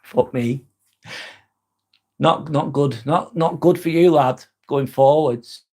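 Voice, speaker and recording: A man with a slightly high, somewhat mellow voice and vocal fry speaks slowly while hosting a casual live stream. He reads viewers' comments aloud and answers them by name, chatty and swearing freely and often.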